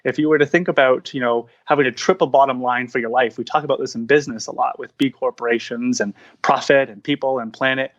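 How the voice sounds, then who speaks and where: A man talks through ideas in an earnest, searching way, circling back and restarting his sentences. His pitch sits in an ordinary middle range. The audio is a little dull and lo-fi. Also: fairly even intonation, fast, few pauses. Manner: earnest, searching phrasing with frequent restarts and fillers. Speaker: podcast guest, founder of a coaching practice. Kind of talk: reflective interview talk.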